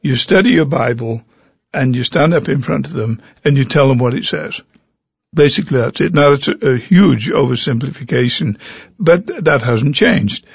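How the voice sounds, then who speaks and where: Older English man, gravelly husky voice. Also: medium pitch, moderate pace, no echo, dull audio. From England. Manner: animated anecdotal storyteller. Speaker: pastor. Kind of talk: interview storytelling.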